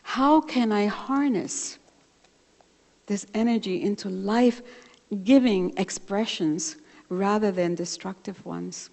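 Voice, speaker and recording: A woman's voice: medium pitch, takes it slowly, creaky. A woman minister giving a sermon, telling a personal story and acting out both sides of a phone conversation. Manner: warm storytelling, animated when retelling a conversation. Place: church sanctuary. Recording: church livestream with long reverb.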